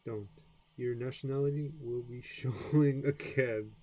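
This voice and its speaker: Slow, mellow man reading aloud. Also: mid-range voice, fairly even intonation, no room sound, poor audio. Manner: self-deprecating, stumbling through attempts, laughs at himself. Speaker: language learner vlogger. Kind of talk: reading a textbook aloud and chatting. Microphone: camera mic.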